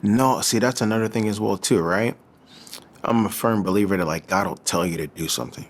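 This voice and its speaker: Deep voice, man, casual interview guest, earnest, lots of "like, you know". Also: fairly quick. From Midwestern United States. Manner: loose, filler-heavy, earnest. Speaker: physician assistant guest. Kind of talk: casual conversation.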